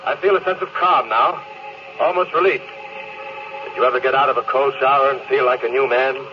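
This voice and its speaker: An actor playing a doomed spaceship captain, speaking in a brooding, confessional way in 1950s radio drama style. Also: male voice, medium pitch, brisk, over music, close to an everyday voice. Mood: serene. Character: doomed spaceship captain, regretful grown man falling. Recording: dull old radio recording with hiss.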